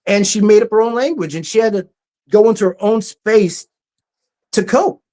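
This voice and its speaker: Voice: mid-range voice, normal speed, mellow. Storytelling presenter with slides. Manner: storytelling, acts out quoted speech; frequent ums and restarts. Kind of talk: casual talk presenting slides.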